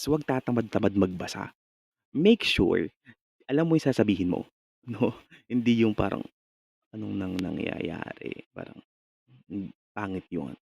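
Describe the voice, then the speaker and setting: A man's voice: fairly low pitch, vocal fry, a little mellow, slightly rough, dry recording. A man with a Filipino accent lecturing on radio delivery. He speaks conversationally, often restarts and checks in with the class by asking "no?".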